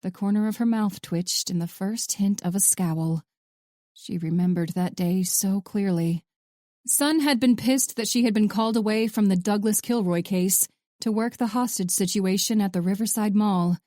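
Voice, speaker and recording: Mellow-voiced woman audiobook narrator. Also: medium pitch, moderate pace, dry recording, studio quality. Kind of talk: scripted thriller narration.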